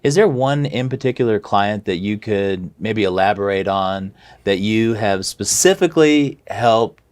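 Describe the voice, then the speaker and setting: A man's voice: lowish voice, expressive, measured pace, darkish tone. A man, a company president, hosting an interview with a scripted introduction and plain questions.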